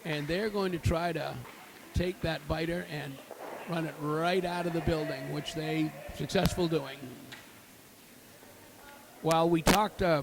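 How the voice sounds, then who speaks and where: A man giving live curling commentary, explaining the game with many fillers and cheering good shots. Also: fairly high pitch. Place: curling rink with crowd. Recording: crowd noise in an ice rink.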